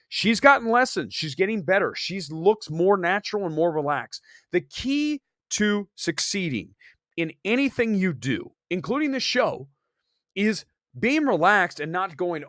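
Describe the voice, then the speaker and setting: A man hosting a live movie talk show, opinionated and animated, talking fast and reacting to chat comments. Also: sits high, no echo, clean studio sound. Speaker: host. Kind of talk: casual live-stream film chat.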